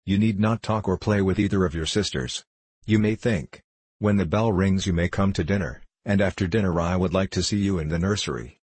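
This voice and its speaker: A man with a husky voice reading the lines of a gentle, earnest mother in a storybook. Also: low-pitched, brisk, dry recording.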